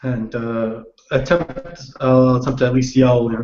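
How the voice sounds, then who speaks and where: A man's voice: mid-range voice, flat delivery, moderate pace, darkish tone, a little hiss or hum. A man playing a tabletop game, describing his character's actions hesitantly, often restarting. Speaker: player. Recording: echoey, muffled lo-fi room.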